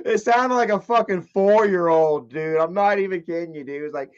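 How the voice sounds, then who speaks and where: A man's voice: on the high side, fairly quick, hardly any pauses, clean tone, highs cut off. A man telling a story in a casual, profane, rambling rant, often repeating himself. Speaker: channel host.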